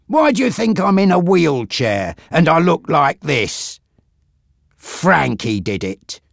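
A man's voice: on the high side, very animated, slow pace, gravelly, no echo, studio quality, pitched above the performer's own voice, heavily acted. A man voicing a bitter, brooding man in a wheelchair who bursts into screaming rage.

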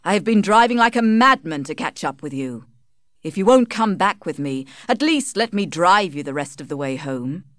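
A woman voicing an arrogant young gentleman, demanding and offhand, at times mocking. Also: fairly low pitch, animated, moderate pace, dry recording, studio quality, lightly acted. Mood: pressing.

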